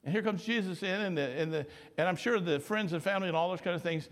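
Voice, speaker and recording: A man's voice: high voice, fast, hardly any pauses, in a large hall. A male pastor preaching conversationally, asking the congregation questions and retelling stories in dialogue. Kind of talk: sermon.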